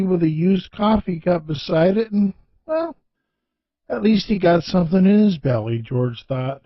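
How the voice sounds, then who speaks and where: A man with a high voice narrates a storybook tale in a plainspoken, folksy manner. The recording is dry and dull, with a lo-fi sound. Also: no echo.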